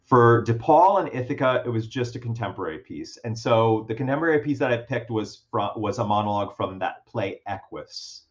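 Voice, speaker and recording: A man's voice: medium pitch, lively intonation, fairly quick, few pauses, lo-fi sound. A man speaking as a guest in a casual interview. He tells a story at length, with many fillers and restarts, and laughs often. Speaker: guest actor.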